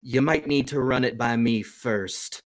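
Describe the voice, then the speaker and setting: A man voicing a no-nonsense woman sheriff who talks briskly and sternly. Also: medium pitch, close to an everyday voice.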